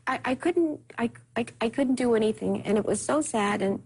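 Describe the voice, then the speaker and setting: A woman speaks in an interview, telling an emotional personal story. Her voice is breathy and husky and sits a little high. She talks softly and haltingly, circling back and repeating phrases. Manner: halting, repeats herself, soft-spoken.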